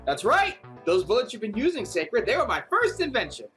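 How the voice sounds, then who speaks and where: A man's voice: sits high, huge pitch swings, a little fast, pushed and bright, soft background music, pitched above the performer's own voice, exaggerated voice. A man voicing a bubbly, shifty female bird-demon inventor from a game, chirpy and eager, read aloud. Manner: chirpy, eager, nervously evasive. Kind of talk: reading game dialogue aloud.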